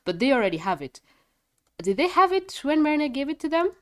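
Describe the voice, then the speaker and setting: A woman with a congested voice chatting through a casual video review, rambling and quick to laugh. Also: sits high, big pitch swings. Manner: a bit foggy and scattered. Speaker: show reviewer.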